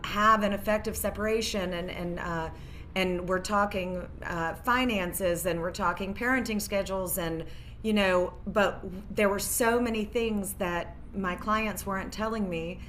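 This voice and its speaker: A woman's voice: medium pitch, fairly bright tone, a little hiss or hum. A woman in her forties, a divorce lawyer guest, telling her story earnestly with many fillers. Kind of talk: interview storytelling.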